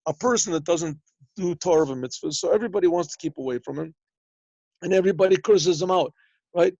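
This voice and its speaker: Man teaching a Torah lesson, slightly higher voice. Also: fast talker, creaky, warm tone, no echo, highs cut off. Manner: explains in plain talk, translating Hebrew phrases as he goes; retells stories with small acted dialogue. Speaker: rabbi teaching a yeshiva class. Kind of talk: Torah lesson over a video call.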